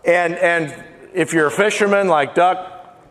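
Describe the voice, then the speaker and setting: A man's voice: high-pitched, a little slow, a bit bright. A male pastor giving a casual, humorous sermon, folksy and joking, rattling off lists with playful emphasis. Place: church sanctuary. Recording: long church-hall reverb.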